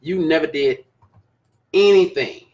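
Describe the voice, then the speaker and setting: Male live-show host, slightly higher voice, emphatic and repetitive, casual delivery. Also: measured pace, darkish tone. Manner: emphatic, repeats phrases for stress. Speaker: live show host reading viewer comments. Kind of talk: casual live-stream talk.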